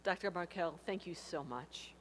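A woman announcing and reading out names at a formal ceremony, in a clear, steady delivery. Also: on the low side, normal speed. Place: large hall. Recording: faint hum.

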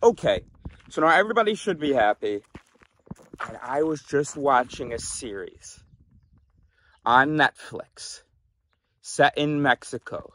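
A man's voice: fairly high pitch, big pitch swings, unhurried, pauses often, fairly bright tone. A man from the Chicago area doing a stand-up monologue, ranting in mock outrage and tripping over comic restarts. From Chicago area, United States. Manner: exasperated rant with mock outrage; stammering restarts for comic effect. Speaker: comedian.

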